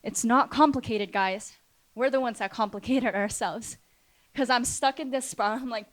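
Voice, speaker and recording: A woman's voice: on the high side, moderate pace, no echo. A woman pastor preaching a sermon in a church, impassioned and repetitive, addressing the congregation directly.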